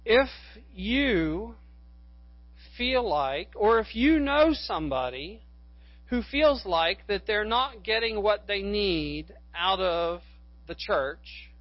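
Slow rambling male preacher, fixes himself mid-story, gets fervent, dry dull lo-fi sound. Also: sits high, lively intonation, dry recording. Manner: rambling storyteller, self-correcting, rising to fervent appeals. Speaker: pastor. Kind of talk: sermon. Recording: dull lo-fi recording.

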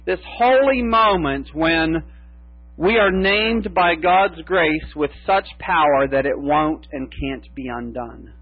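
Husky-voiced man preaching a sermon. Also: a little high, expressive, no room sound. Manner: slow emphatic preaching with long pauses. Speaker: pastor. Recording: tinny phone-like sound with mains hum.

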